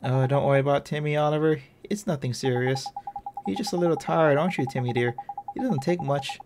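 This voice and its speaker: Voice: medium pitch, fairly quick, over music, close to an everyday voice. A player doing a fussy, doting old lady. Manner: fond, fussing. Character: fussy kindly older woman, doting cat owner.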